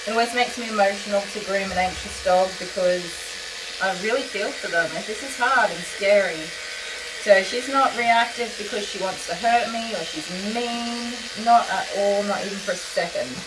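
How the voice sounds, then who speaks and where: A young adult woman grooming a dog, softly coaxing it and calmly explaining each step. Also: medium pitch, moderate pace, noisy background. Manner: soft soothing coaxing, calm step-by-step explaining. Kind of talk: narrated grooming video. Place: grooming salon. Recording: distant mic, loud electric clippers buzzing.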